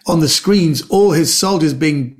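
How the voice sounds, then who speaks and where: A man's voice: on the high side, unhurried. A middle-aged man, a comedian guest on a podcast, chatting casually and telling rambling stories, acting out the quotes.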